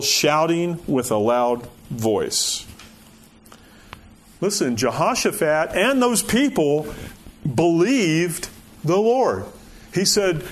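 A man delivers a conversational sermon in a fairly high voice. His pitch climbs and dips with lots of life, and he reads scripture before turning to pointed rhetorical questions, peppered with "you know". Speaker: preacher.

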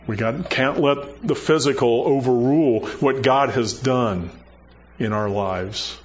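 A man preaching a sermon in a conversational, animated way, acting out Bible dialogue as he goes. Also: fairly high pitch, highs cut off, slight background noise.

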